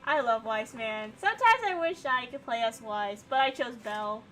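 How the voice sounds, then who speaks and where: A young woman streaming a game, giving casual commentary in an excitable, gushing manner and swearing freely. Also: a little high, moderate pace.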